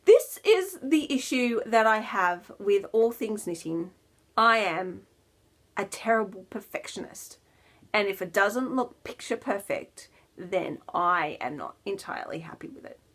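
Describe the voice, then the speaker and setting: A woman hosting a knitting podcast in a casual, rambling chat, with self-deprecating laughs and soft asides that drop almost to a whisper. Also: mid-range voice, sing-song, unhurried.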